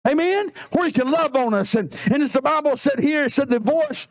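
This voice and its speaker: A man preaching a fervent sermon in church, drawing out scripture slowly and rising into shouts. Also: very high voice. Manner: impassioned, drawls scripture slowly, breaks into shouts. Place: church sanctuary.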